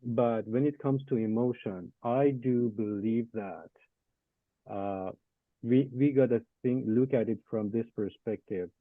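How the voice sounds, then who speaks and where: A man's voice: mid-range voice, a little slow, dry recording. A man, a guest in an academic discussion, speaking hesitantly with many fillers and restarts over a remote call. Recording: tinny phone-like line.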